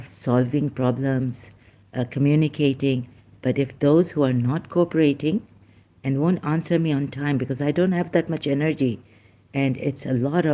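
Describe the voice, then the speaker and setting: Here the vlogger's mid-range voice sounds mellow, though the mood is agitated. The YouTube host rambles through a rant directed at commenters, peppering it with apologies along the way.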